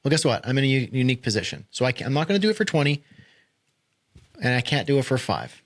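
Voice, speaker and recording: A man co-hosting a casual podcast, talking in animated, quick bursts and laughing easily. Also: mid-range voice. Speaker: podcast co-host.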